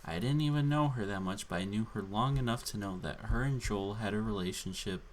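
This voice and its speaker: A man's voice: lowish voice, brisk, a little hiss or hum. A man on a drunken solo rant, angry, profane and exasperated. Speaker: channel host.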